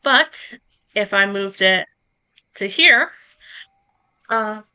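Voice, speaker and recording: A woman streamer walking her viewers through streaming software in a relaxed, chatty live tutorial, talking into a close microphone at her home setup. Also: mid-range voice, extremely slow, smooth. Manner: relaxed, chatty explaining with asides to chat.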